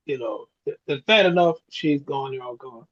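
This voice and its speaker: A man's voice: mid-range voice, moderate pace, a bit bright, slightly rough. A man in his sixties, a podcast co-host, telling reflective stories in casual chat. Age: 60s. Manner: storytelling, reflective, chuckles often. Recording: dull lo-fi sound.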